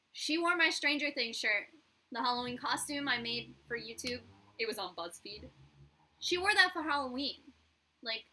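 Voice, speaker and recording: Young woman, YouTuber, candid profane vlog storytelling, bright crisp voice, slightly high. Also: low-quality recording. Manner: candid and profane, acts out quoted dialogue. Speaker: YouTuber and hairstylist.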